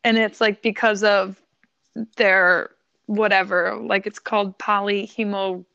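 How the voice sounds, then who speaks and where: A woman from Buffalo, New York, telling a story in casual podcast chat, animated and swearing, laughing often. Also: medium pitch, a little slow, creaky, clean tone, highs cut off.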